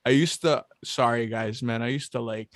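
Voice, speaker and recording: A man's voice: medium pitch, steady tone, normal speed, no echo, clean studio sound. A man chatting casually as a podcast host, joking, swearing often and laughing a lot. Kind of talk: casual chat.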